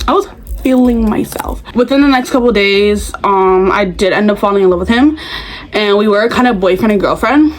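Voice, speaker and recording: A young woman telling stories from her school days in a casual vlog, full of "like" fillers, acting out her younger self with sudden loud bursts. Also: medium pitch, brisk, rough recording. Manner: frequent filler "like". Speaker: vlogger. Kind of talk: casual storytelling.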